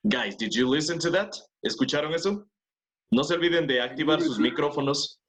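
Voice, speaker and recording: A man's voice: a little high, expressive, fast, fairly bright tone. A man teaching an English class online, switching between Spanish and English and explaining patiently step by step, checking often that students follow.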